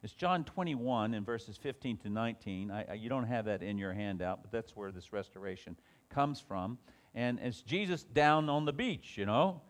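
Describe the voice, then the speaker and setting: Lowish-voiced man teaching a Bible class. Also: animated, normal speed. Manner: reads scripture aloud with rising emphasis, then talks it over with many restarts.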